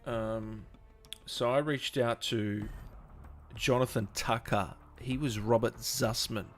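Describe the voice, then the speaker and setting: Male gaming host, mid-range voice, chatty and excitable, casual live-stream delivery over a video call. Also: medium pitch, slow pace, faint music behind. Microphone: home microphone on a video call.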